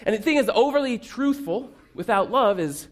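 Male pastor with a high speaking voice; conversational sermon built on humorous family stories. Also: animated, moderate pace. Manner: conversational, humorous, self-deprecating storytelling.

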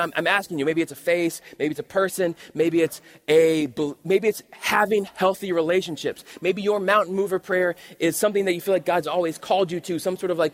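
A man preaching a sermon at a church service, reading scripture and then explaining it step by step in a conversational way. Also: high-pitched. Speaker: pastor.

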